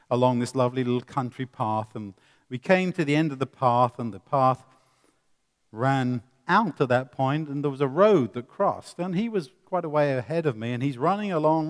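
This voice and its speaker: Dramatic preacher in a reverberant hall. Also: male voice, fairly high pitch. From England. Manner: dramatic, swings between loud emphasis and quiet asides, rhetorical questions. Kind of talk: sermon.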